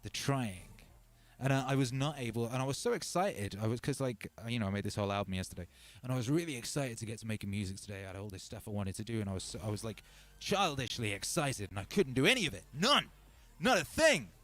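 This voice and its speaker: A livestream host and music producer rambles and mocks himself, full of fillers and restarts, as he reads viewer comments aloud and calls his viewers brother and sister. His medium-pitched voice is quick and lively with a fairly bright tone, and there's no echo.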